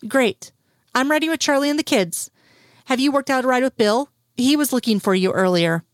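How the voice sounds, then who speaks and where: A woman's voice: moderate pace, dry recording, close to an everyday voice. A hospitable older mother speaks in a lifted, friendly voice, put on by a woman reading a story. She sounds chatty and welcoming. The recording is dry and close. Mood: cheerful. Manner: raised pitch, friendly and chatty.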